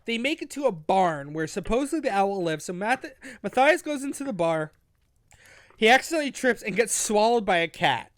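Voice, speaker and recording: A man's voice: high-pitched, big pitch swings, moderate pace, a bit bright, dry recording, clean studio sound. A man co-hosting a podcast, retelling a book in a rambling, casual way, swearing freely and restarting his sentences. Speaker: podcast co-host. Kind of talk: casual book recap chat.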